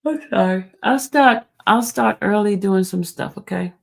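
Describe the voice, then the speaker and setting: A woman hosting a livestream in a relaxed, chatty way, teasing her viewers as she answers their comments. Her voice is gravelly and has a lot of fry in it. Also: medium pitch, normal speed. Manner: chatty and teasing, talks straight to the chat. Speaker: livestream host. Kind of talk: casual livestream chat, reading viewer comments.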